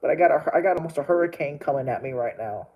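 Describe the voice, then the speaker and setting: Husky tearful man ranting. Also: fairly high pitch, lively intonation, fast talker, lo-fi sound. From Texas. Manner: rambling, repeats himself, tearful and agitated. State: crying. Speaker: storm chaser vlogger. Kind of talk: emotional vlog rant.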